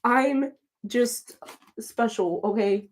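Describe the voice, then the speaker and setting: A woman livestreaming, answering her chat in a casual, chatty way with quick flustered restarts. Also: on the high side.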